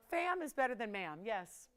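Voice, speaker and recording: A woman's voice: fairly high pitch, very animated, slow pace, clean tone. A woman hosting a live on-air jewelry shopping show, chatty and playful, laughing often and teasing the crew. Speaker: shopping channel host.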